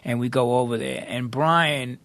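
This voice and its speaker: A man's voice: mid-range voice, normal speed, no echo. A man on a podcast telling a rowdy story in casual, profane talk, acting out the voices of the people in it. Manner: profane, animated, acts out quoted voices. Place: podcast studio.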